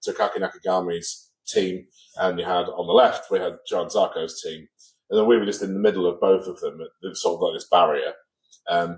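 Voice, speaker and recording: A man's voice: low voice, darkish tone, rough recording. A man co-hosting a podcast, chatting casually and telling an anecdote, acting out what people said. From England. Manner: storytelling, acts out quoted people. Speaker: podcast co-host. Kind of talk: casual chat.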